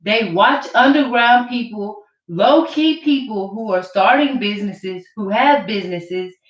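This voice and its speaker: A woman's voice: medium pitch, unhurried. A woman vlogger ranting to camera in an accusatory, mocking way, repeating her points. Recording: roomy, distant, dull camera audio.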